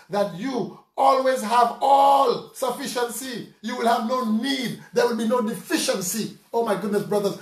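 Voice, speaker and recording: Saint Lucian male preacher, animated conversational sermon, picked up from a distance in a roomy space. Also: very high-pitched. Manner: lively, conversational preaching with rhetorical questions. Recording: roomy sound from off mic.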